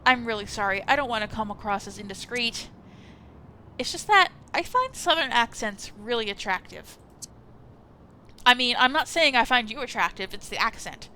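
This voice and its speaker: Woman reading as awkward male landlord, apologetic, rambling, bright voice, faint background hiss. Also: fairly high pitch, expressive, normal speed. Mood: fawning. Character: awkward nervous male sociologist landlord, clumsy and intrusive. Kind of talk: reading a visual novel aloud.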